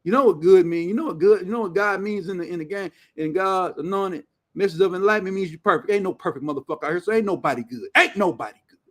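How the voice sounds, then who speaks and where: Loud, profane man ranting. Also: high voice, quick pace, hardly any pauses. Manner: loud, blunt and profane, heavy slang. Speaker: show host. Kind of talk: profane casual rant.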